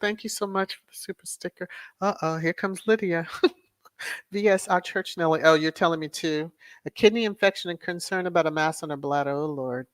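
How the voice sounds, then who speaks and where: Livestream host, casual and soothing, mid pitch, dry close mic, repeats affirmations while reading comments. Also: moderate pace, no room sound. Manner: reads viewer messages aloud and repeats thanks and affirmations.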